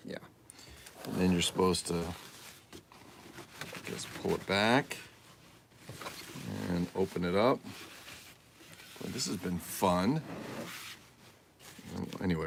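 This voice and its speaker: Low gravelly man chatting through a toy build. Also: fairly bright tone, slight background noise. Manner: chatty, crude jokes, muttering to himself while assembling. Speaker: toy collector livestream host. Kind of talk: casual unboxing livestream chat.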